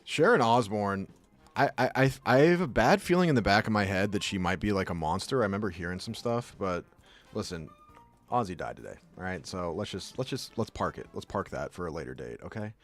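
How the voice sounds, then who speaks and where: A man's voice: lowish voice, expressive, brisk, faint music behind. A man streaming and chatting casually, rambling through jokey asides. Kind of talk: casual chat.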